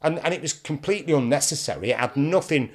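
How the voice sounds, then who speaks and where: A man's voice: on the high side, quick pace. An older man with a broad Mancunian accent, a guest telling stories in a casual interview and acting out what others said. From England. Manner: animated storyteller, mimics others in quotes. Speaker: guest presenter.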